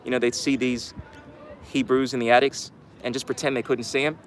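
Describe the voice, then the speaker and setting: A man's voice: mid-range voice, flat delivery, brisk, slight background noise. A man hosting his channel's livestream, rambling through casual, sarcastic commentary. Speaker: channel host.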